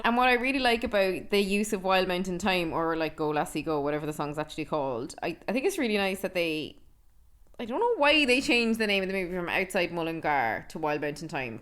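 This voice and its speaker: A woman's voice: lowish voice, fairly bright tone. An Irish woman co-hosting a podcast, chatting casually and with strong opinions about a film. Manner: talkative, opinionated, quick asides. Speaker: podcast co-host. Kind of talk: casual film review chat.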